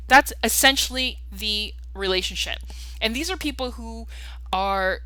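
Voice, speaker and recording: An agitated woman rants at length, stumbling over and restarting her words as she goes. Her voice is bright and forceful, recorded close and dry with no room sound. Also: on the high side, a little slow, dry recording, poor audio. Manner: agitated, rambling, frequent restarts. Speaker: vlogger. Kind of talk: ranting monologue.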